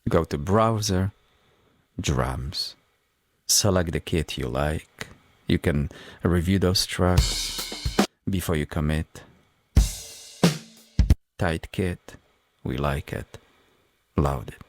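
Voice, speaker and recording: A man hosting a music production tutorial, explaining each step in a measured, methodical way. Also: low-pitched. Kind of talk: tutorial walkthrough.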